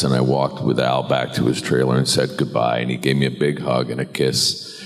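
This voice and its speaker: Deep-voiced man telling rambling anecdotes. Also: steady tone, brisk, big-room sound. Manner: rambling, self-deprecating, laughs often. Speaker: actor on a convention panel. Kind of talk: anecdote storytelling. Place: convention hall panel.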